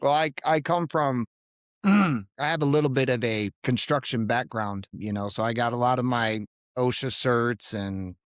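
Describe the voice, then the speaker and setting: A man, a guest on a podcast, telling stories in casual chat with quick bursts and jumps in pitch. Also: no echo, clean studio sound. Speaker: podcast guest, HVAC technician.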